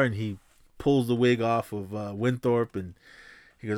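A man hosting a podcast, casually recapping a film in a rambling, halting way, with lots of fillers and restarts and the odd chuckle. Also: on the low side, steady tone, a little mellow, smooth, no echo, clean studio sound. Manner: chuckles while retelling. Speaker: podcast host.

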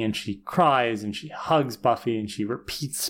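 A man's voice: on the low side, normal speed, slight background noise. A man co-hosting a podcast, retelling episode plot in a wry, casual way. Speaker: podcast co-host. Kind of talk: casual recap chat.

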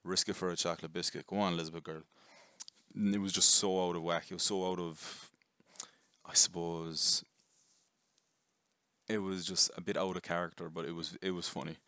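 A man giving a casual, rambling movie review, chatty and quick to swear. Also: sits low, flat delivery, sharp tone, dry recording, studio quality. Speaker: film reviewer.

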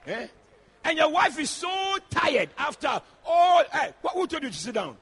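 Shouting, high-voiced preacher man. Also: normal speed, slight background noise. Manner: shouting, animated, addressing the congregation directly. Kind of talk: sermon. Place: church.

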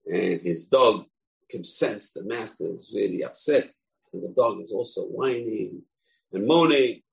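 A man's voice: lowish voice, measured pace, creaky, low-quality recording. A man teaching a religious lesson, retelling old stories and acting out the characters. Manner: animated, acts out characters. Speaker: Torah teacher. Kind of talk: storytelling lesson.

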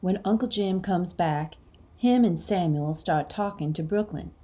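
Gentle woman narrating a storybook. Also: fairly low pitch, measured pace. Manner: gentle, dialect-inflected storytelling with quiet hushed passages. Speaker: audiobook narrator. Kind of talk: scripted storybook narration in first person.

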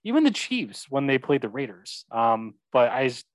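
A man's voice: medium pitch, very animated, moderate pace, dry recording, poor audio. A young man chatting about football, agreeable and hesitant, full of ums and yeahs. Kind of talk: casual sports chat.

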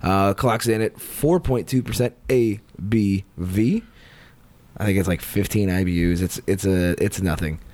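A man's voice: fairly low pitch, a little slow, darkish tone. A man co-hosting a casual beer-tasting podcast, wry, with frequent "uh"s while reading beer details. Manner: wry, reads beer stats with filler "uh"s. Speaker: podcast co-host.

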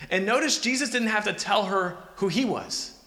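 A pastor's high, sharp voice moves at a moderate pace as he preaches earnestly, talking with the congregation conversationally and asking them questions. The hall is echoey, with a long reverb tail.

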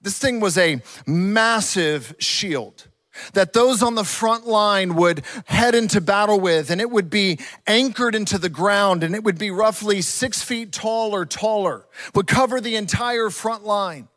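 Male preacher, high voice, dry close sound, earnest sermon delivery, repeats key words. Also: unhurried, fairly bright tone, dry recording. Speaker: pastor.

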